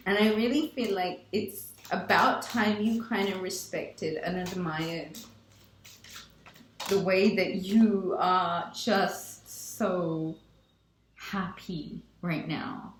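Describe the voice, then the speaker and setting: A woman gives a tarot reading in an unhurried, drawn-out delivery, gushing over each point and repeating her affirmations. Her voice carries a noticeable room echo, with a faint hiss underneath. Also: fairly low pitch. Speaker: tarot reader. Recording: echoey room.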